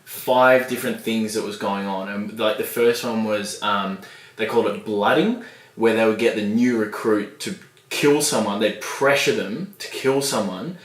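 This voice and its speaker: A man's voice: normal speed, recorded from a distance. A man speaking bluntly and earnestly in casual podcast chat, swearing as he goes. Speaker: podcast co-host. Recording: echoey, low-quality podcast audio.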